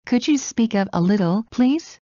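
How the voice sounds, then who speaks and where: A woman slowly reading everyday English phrases one at a time for learners. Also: a little high, expressive, dark tone, no echo, lo-fi sound. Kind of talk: slow scripted phrase reading.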